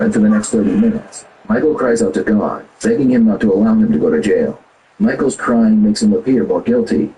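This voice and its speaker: Man, low voice, documentary narrator, measured, scripted voice-over. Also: a little hiss or hum, rough recording. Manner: measured, even, explanatory.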